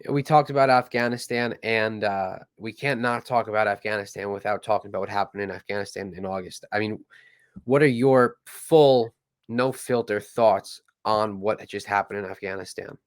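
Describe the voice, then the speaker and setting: A man hosting a podcast, talking casually and getting animated. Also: on the low side, normal speed, smooth, dry recording, clean studio sound. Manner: animated, ranting. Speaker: podcast host.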